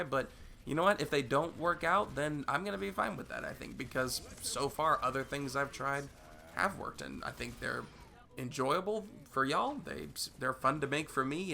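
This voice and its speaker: A young man hosting his gaming channel with a sick, gravelly voice. He rambles loosely with plenty of "uh"s and restarts. His tone stays bright and forceful under the hoarseness. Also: medium pitch, a little hiss or hum. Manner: rambling, repeats words and fills with "uh". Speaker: YouTube gaming channel host. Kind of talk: casual vlog Q&A.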